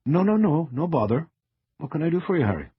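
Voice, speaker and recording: A man voicing a friendly woman newspaper crime reporter who talks in lively, teasing patter. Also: a little high, fast talker, slightly rough, no echo, phone-quality sound, voice pushed up, exaggerated voice.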